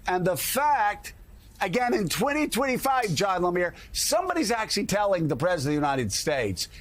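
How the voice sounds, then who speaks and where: A man's voice: high-pitched, very animated, brisk. A middle-aged man hosting a morning talk show, delivering indignant, emphatic opinion commentary.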